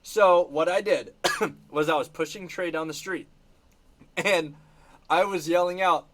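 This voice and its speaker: A man hosting a casual livestream, telling animated stories and laughing between sentences. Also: fairly high pitch, a little slow. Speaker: channel host reacting to live chat. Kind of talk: casual livestream chat showing trip photos.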